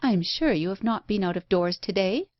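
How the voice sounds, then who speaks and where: A woman voicing a brusque, blunt, impatient unmarried woman who talks in a sharp, scolding way. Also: mid-range voice, expressive, fairly quick, no room sound, highs cut off, natural voice.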